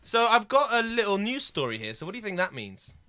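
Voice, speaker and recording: A man hosting a comedy podcast, bantering in a playful, quick, jokey way. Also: high-pitched, big pitch swings, bright, forceful tone. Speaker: podcast host.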